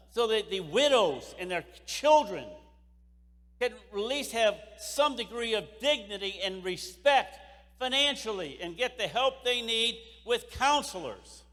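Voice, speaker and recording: In an echoey hall, a sales convention's keynote speaker gives a fervent motivational talk, repeating phrases to land each point. His voice sits high with a slightly bright edge.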